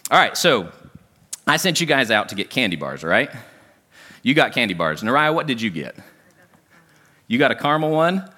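Animated preacher with a bright voice. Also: male voice, mid-range voice, moderate pace, pauses often. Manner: animated, talks with the congregation and asks questions often. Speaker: pastor. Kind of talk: sermon with audience interaction. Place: church sanctuary.

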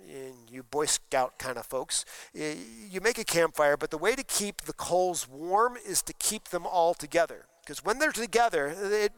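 Pastor, male, sermon delivery, smooth clear voice, slightly higher pitch, dry close sound, talks with the congregation. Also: a bit bright, no echo, rough recording. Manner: conversational preaching with questions to the congregation. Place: church sanctuary during a service.

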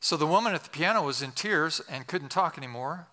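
Bright-voiced older male pastor, humorous. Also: fairly high pitch, expressive, a little fast, in a large hall. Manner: humorous, self-deprecating asides. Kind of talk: storytelling sermon.

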